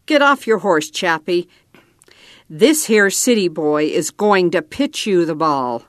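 A woman's voice: fairly low pitch, lively intonation, slow, no room sound, clean studio sound. A woman voicing a mean, ornery grown cowboy who growls his lines. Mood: bossy. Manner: gruff, growling.

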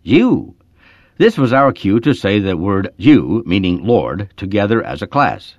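A man's voice: fairly low pitch, lively intonation, normal speed, dry recording. A man reading a short story aloud as its narrator, telling it expressively and leaning into key words, on a dull lo-fi recording.

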